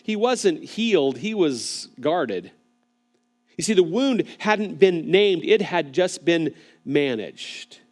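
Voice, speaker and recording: A pastor delivering a sermon in a fairly high voice for a man. He is earnest and gentle, and he often restarts his phrases with repeated words as he talks to the people watching. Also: sing-song, takes it slowly. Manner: speaks gently to online viewers.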